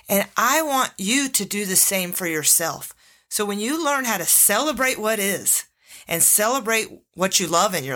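A middle-aged woman with a bright, forward tone hosts a solo coaching podcast. She talks candidly and with energy, laughing easily between her stories. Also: mid-range voice. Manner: animated, candid, laughs often. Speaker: life coach and podcast host.

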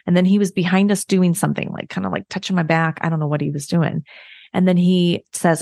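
A woman's voice: on the low side, normal speed, vocal fry, a little mellow, no echo, studio quality. A woman in her thirties hosting a podcast, giving candid, self-mocking, chatty advice to other parents. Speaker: podcast host. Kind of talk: casual solo advice talk.

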